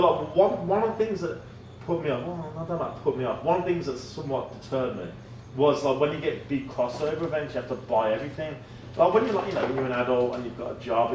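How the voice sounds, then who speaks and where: Rambling man, roomy and distant. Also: medium pitch. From England. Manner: rambling, laughing, swearing, quoting people in lively voices. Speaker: guest, comic writer. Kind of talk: casual storytelling chat. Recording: roomy, off-mic, noisy podcast.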